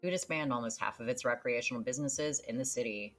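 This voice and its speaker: Woman doing a deep, formal female newsreader reading game news. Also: fast talker, faint music behind. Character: smooth adult female TV newscaster.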